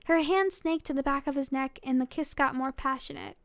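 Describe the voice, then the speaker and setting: A woman's voice: high-pitched, a little fast, a bit bright, dry recording. A sleepy young woman reading fan fiction aloud late at night, rambling and giggly with many fillers.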